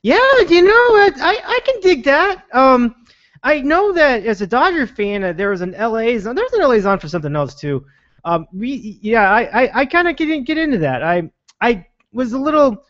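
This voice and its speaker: A man's voice: extremely high pitch, sing-song, normal speed, fairly bright tone, dry recording. A man hosting a sports podcast in casual chat, rambling with lots of restarts and fillers. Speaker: podcast host. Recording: dull lo-fi sound.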